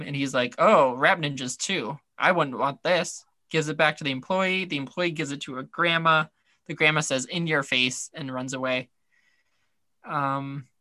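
A man's voice: a little high, sharp tone, dry recording. A man co-hosting a podcast, recapping a scene in a rambling, wry way with lots of fillers. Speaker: podcast co-host. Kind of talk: casual recap chat.

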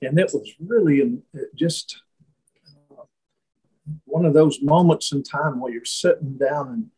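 A man tells a reflective story as a guest in conversation. His voice sits a little high and sounds husky. He speaks haltingly, with many restarts and fillers. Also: warm tone, low-quality recording.

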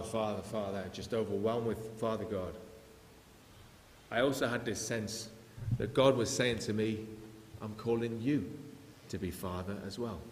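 A man preaching a sermon in an earnest, storytelling way, with quiet prayerful moments. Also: lowish voice. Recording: echoey hall with faint hiss.

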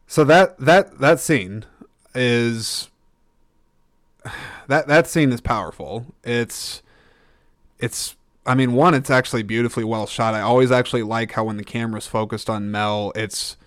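A man's voice: mid-range voice, measured pace, fairly bright tone, no echo, clean studio sound. A man hosting a casual podcast, joking and rambling with frequent restarts. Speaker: podcast host. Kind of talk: casual chat.

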